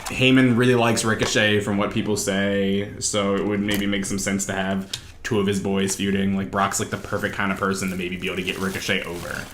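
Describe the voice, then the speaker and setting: A man's voice: lowish voice, a little fast, slight background noise. Laid-back opinionated man, echoey room. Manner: relaxed, opinionated, uses many likes and fillers. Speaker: podcast co-host. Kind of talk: casual chat.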